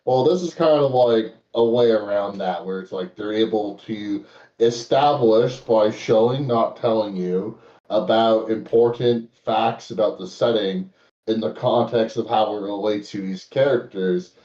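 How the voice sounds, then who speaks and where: A man's voice: lowish voice, a little slow, dark tone. A man giving his thoughts on a comic in a casual chat, thoughtful and hesitant with many fillers. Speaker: guest panelist. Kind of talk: casual chat on a live stream. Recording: dull, roomy, distant mic.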